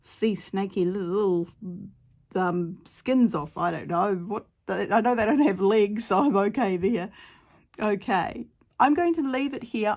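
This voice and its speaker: A middle-aged New Zealand woman with a mid-range, slightly mellow voice chats her way through a watercolor painting. She rambles from topic to topic with giggly asides and mutters some of it half under her breath.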